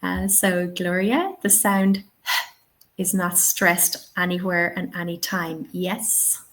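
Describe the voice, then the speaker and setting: A woman's voice: on the low side, slow, fairly bright tone, low-quality recording. A young Irish woman running a live teaching webinar, answering chat questions in a chatty, upbeat way. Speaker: TEFL webinar trainer.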